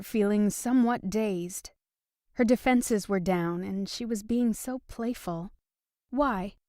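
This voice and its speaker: A woman narrating a romance audiobook in an even, steady storytelling manner. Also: mid-range voice, no echo, studio quality. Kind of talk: scripted narration.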